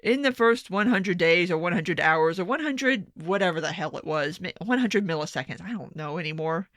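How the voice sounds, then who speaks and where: Sarcastic young woman commentator, bright voice, dry close sound, casual rant delivery. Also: fairly low pitch, expressive, normal speed, no room sound. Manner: sarcastic, swearing, exasperated asides. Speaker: political commentator. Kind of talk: casual opinion monologue.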